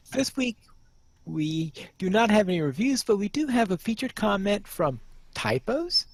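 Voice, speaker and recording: A man's voice: high-pitched, very animated, moderate pace, dry recording. A man hosting a game podcast and reading out the show's announcements in an upbeat way. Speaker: podcast host.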